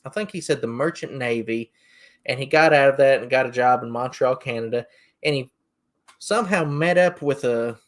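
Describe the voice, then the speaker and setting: A man's voice: mid-range voice, moderate pace. A man hosting a podcast, telling a story in a rambling, folksy way. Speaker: podcast host. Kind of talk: casual storytelling.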